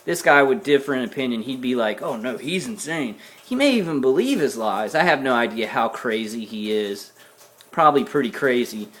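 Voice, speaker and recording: A man's voice: medium pitch, expressive, brisk, a bit bright. Worn-out man ranting angrily. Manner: agitated, repetitive, cussing, ranting. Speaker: vlogger. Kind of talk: angry personal rant to camera.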